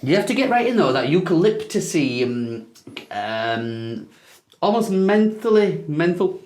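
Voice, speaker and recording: A man co-hosting a casual wine tasting, thinking aloud with many halting restarts. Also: on the high side, sing-song, a little mellow. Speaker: wine show co-host. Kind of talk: casual chat. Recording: echoey room.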